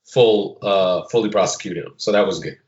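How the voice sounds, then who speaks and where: A middle-aged man, a guest poet, telling a story in casual conversation and acting out the dialogue with lively shifts. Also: lowish voice, normal speed, muffled recording. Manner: animated, acts out dialogue in the story.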